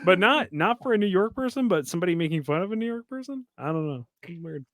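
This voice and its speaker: Animated, joking male podcast co-host. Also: high-pitched, fast, dry recording. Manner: animated, rambling, profane and joking. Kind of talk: casual movie-review chat.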